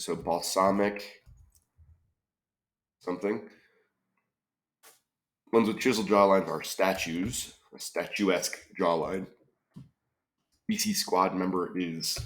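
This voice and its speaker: A deep-voiced man works through a crossword out loud, unhurried and tentative. He muses over each clue and trails off into questions, with a slow, measured delivery. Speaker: crossword solver. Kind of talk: thinking-aloud puzzle solve.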